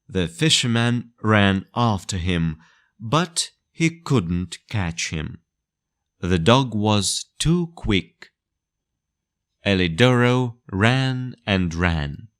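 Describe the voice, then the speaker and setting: A man narrates a storybook for English learners very slowly and deliberately. His voice sits low, but it moves widely in pitch, and each phrase is clearly spaced.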